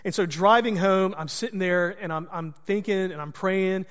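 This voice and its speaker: High-voiced pastor telling a story. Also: male voice, moderate pace, in a large hall. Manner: conversational, self-deprecating humor. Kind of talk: storytelling sermon.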